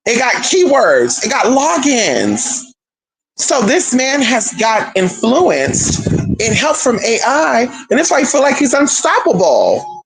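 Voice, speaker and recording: Animated, profane livestream talker. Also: medium pitch, a little hiss or hum, rough recording. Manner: animated, profane, chatty, addresses viewers as y'all and girl. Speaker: streamer. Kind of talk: casual spiritual monologue.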